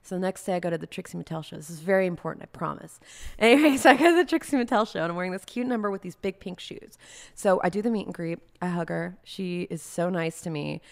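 Gravelly young woman telling rambling stories. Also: on the low side, quick pace. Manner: rambling, self-deprecating, animated storyteller. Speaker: guest artist. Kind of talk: casual storytelling.

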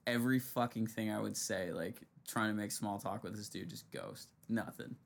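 A young man hosts a loose, casual chat, spinning slangy and profane stories. His voice sits low with a gravelly rasp at the ends of his phrases. He acts out the people in his stories as he goes. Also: moderate pace. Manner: slangy and profane, storytelling with acted quotes. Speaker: podcast host.

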